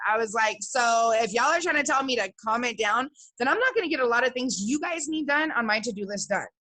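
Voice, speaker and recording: Young woman, chatty storyteller, bright higher voice. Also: brisk, rough recording. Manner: excitable, chatty, acts out both sides of conversations. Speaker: guest sharing sales story. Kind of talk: casual storytelling to a team call.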